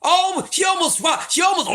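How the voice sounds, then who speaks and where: A man hosting a livestream, telling a story in a loud, profane, laughing, casual way. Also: extremely high pitch. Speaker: livestream host.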